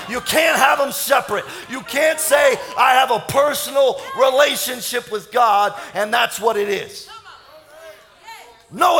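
High-voiced man preaching in a reverberant church. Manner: shouting, impassioned preaching. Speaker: pastor. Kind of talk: sermon. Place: church sanctuary.

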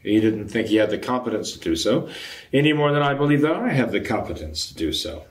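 An older man, a traditionalist Catholic priest, answering a viewer's question in a measured, explanatory way with frequent hesitations. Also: on the low side, very animated. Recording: echoey room.

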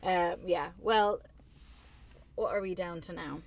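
A woman's voice: lowish voice, takes it slowly, heavy background noise. A woman co-hosting a casual podcast, recorded in a parked car, who keeps breaking into laughter as she talks. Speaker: podcast co-host. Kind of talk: casual chat.

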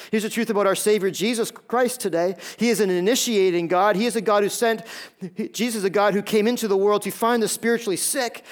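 A man preaching a sermon as pastor, emphatic, often repeating a word as he starts a phrase. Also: high-pitched.

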